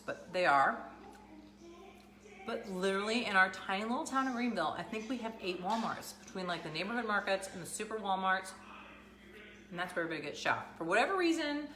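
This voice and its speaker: A woman's voice: medium pitch, fairly bright tone, slight background noise. A woman, chatting casually to camera and rambling through everyday stories. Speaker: vlogger. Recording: echoey room with music playing.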